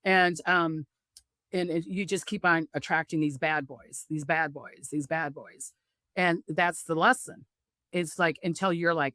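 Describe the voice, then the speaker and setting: A woman's voice: low voice, fairly even intonation, a little slow, fairly bright tone, dry recording, clean studio sound. A middle-aged woman, a psychic, talking casually in an interview and acting out the voices of people she quotes. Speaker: psychic medium guest. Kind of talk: casual spiritual interview talk.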